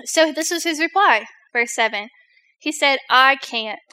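A young woman gives a laid-back sermon to a youth group, talking in a loose, joking way with lots of filler words. Her voice sits high and sounds crisp and bright. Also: a little slow. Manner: chatty, filler-heavy, jokes with the audience.

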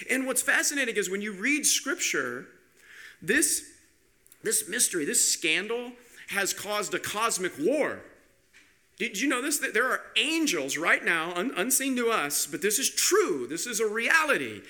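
A male pastor preaching a sermon in an animated way, asking rhetorical questions and often repeating his words. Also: high-pitched.

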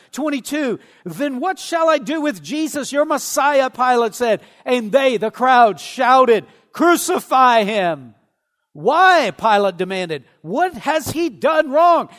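A man preaching a sermon in a slow, earnest way, with dramatic pauses. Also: extremely high pitch, big-room sound. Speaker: pastor.

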